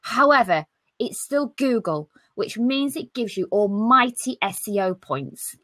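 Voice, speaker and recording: Brash, lively British woman on a video call. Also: a little high, a little slow, dry recording. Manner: brash, lively and jokey, with mild swearing. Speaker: live stream host. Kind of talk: casual live stream chat.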